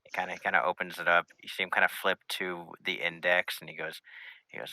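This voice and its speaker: A man narrating a tabletop game as game master, with halting delivery and frequent restarts. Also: low-pitched, little pitch movement, gravelly, sharp tone.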